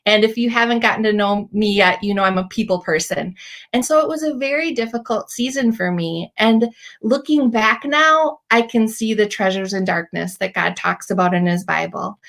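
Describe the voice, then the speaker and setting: A woman in her thirties speaks to her listeners as a Christian podcast host. Her voice sits slightly high, and she tells personal stories in a chatty, animated way, full of likes and ums. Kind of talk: faith-based encouragement talk.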